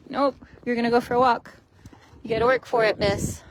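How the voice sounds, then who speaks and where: A woman training horses outdoors in a paddock. She coaxes them in soft, sweet baby talk and explains each step to her viewers. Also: fairly high pitch, fairly even intonation, a little fast, slight background noise, poor audio. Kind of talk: casual vlog while training horses.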